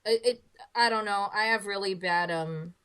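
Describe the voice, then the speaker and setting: A woman's voice: mid-range voice, normal speed, fairly bright tone, smooth. A woman hosting a podcast, chatting casually and thinking aloud with frequent restarts. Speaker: podcast host. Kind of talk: casual chat.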